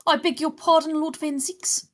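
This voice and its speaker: Formal old judge, high-voiced, voiced by a woman streaming. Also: flat delivery, moderate pace, natural voice. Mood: stern. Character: stern elderly male judge, formal. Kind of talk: voicing game dialogue on a stream. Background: game music.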